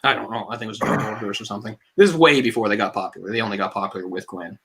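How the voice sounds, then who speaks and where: A man co-hosting a casual movie discussion podcast, a singer with a tenor voice, talking in a rambling, animated way full of fillers. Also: fairly low pitch, rapid-fire, husky. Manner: rambling, animated, heavy use of "like"; tenor speaking voice from a trained singer. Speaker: podcast co-host. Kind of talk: casual film discussion chat.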